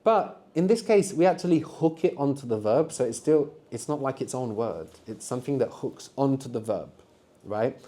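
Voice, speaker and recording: A man's voice: medium pitch, lively intonation, moderate pace, dark tone. A man teaching a live beginners' language workshop to students in a classroom, patient and encouraging, explaining step by step. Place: university classroom.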